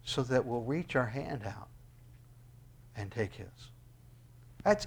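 A man preaching a sermon as pastor. He reads scripture and closes in prayer, and he swings between loud, high exclamations and hushed, low asides. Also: animated, takes it slowly, breathy edge.

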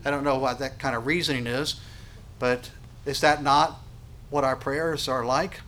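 A man preaching a sermon, emphatic and full of rhetorical questions, swinging from quiet to loud. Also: medium pitch, fairly even intonation, moderate pace. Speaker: pastor.

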